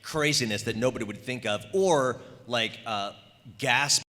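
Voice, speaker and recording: A man's voice: medium pitch, measured pace, pushed and bright. A man in his forties on a convention panel, easygoing and rambling as he tells a story, recorded in an echoey convention hall. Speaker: voice actor panelist.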